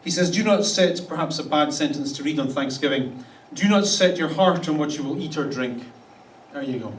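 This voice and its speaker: A man's voice: a little high, moderate pace, slight background noise. A man preaching a conversational sermon as a pastor, wry in tone and slipping into the voices of the people he quotes. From Canada. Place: church hall. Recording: echoey church hall, voice a bit distant.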